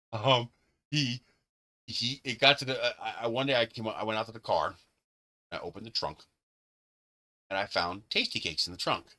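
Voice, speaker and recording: A man's voice: on the low side, normal speed, pauses often, pushed and bright. A man hosting a live stream, telling stories in casual chat, laughing often and swearing freely. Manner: laughs often, profane, gleeful storyteller.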